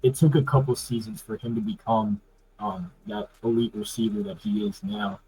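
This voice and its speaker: A man's voice: lowish voice, very animated, normal speed, mellow, slightly rough, poor audio. A man hosting a casual sports talk show, loose and rambling with many fillers. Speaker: podcast host.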